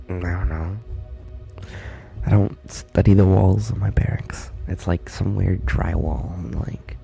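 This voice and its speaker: Whispered role-play, gravelly dark man. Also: fairly low pitch. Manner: soft whispered talk, halting and rambling. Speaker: streamer. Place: army barracks room.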